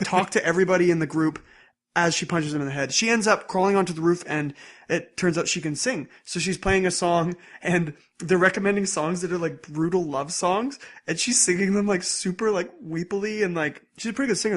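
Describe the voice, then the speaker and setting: Young male podcast co-host, slightly high voice, rambling casual recap. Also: a little fast. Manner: rambling, animated, acts out scenes in bursts. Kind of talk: casual chat recapping episodes.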